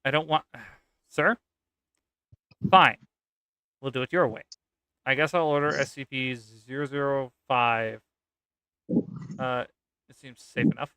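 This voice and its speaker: A man's voice: medium pitch, fairly even intonation, takes it slowly, pauses often, pushed and bright, smooth, dry recording. A man playing an indignant male professor who demands answers in a stern, exasperated way.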